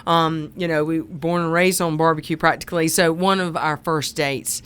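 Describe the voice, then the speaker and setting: A woman from North Carolina with a soft eastern Southern drawl, chatting as a podcast guest and telling lively stories. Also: low-pitched, normal speed, clear, resonant tone. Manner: animated storyteller with a soft drawl. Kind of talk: casual chat.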